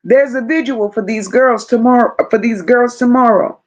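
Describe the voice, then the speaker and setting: A woman hosting a live stream reads out viewer comments, speaking at a moderate pace in a fairly high voice with a darkish tone. She reacts emphatically, repeating phrases and addressing viewers by name, and the audio sounds dull.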